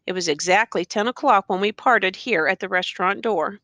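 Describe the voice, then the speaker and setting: A woman's voice: mid-range voice, brisk, a bit bright, no echo, close to an everyday voice. A woman voicing a boastful man from the West, waiting for an old friend, hearty and bragging.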